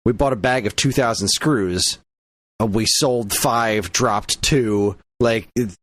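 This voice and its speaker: An American man co-hosting a podcast in loose, casual chat. His voice sits a bit low, and he rambles with lots of "uh" and "like" and restarts sentences. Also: slow, fairly bright tone, dry recording. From United States. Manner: rambling, many fillers and restarts. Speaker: podcast co-host.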